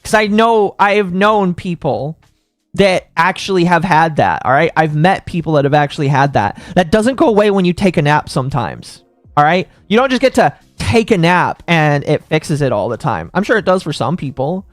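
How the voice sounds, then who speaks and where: A man's voice: on the high side, animated, normal speed, no room sound, faint music behind. A man hosting a live stream in a casual rant, heated and swearing, with frequent stammers and restarts. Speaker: stream host.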